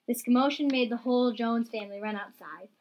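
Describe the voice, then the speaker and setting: A woman reading a homemade farm story aloud in a lively, plain way. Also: on the high side, a little fast, rough recording.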